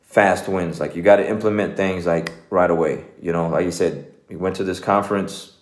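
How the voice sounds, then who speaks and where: Deep-voiced man, echoey room. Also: fairly even intonation, a little fast. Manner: loose and conversational, full of "man" and "you know". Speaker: jiu-jitsu coach. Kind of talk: casual motivational talk.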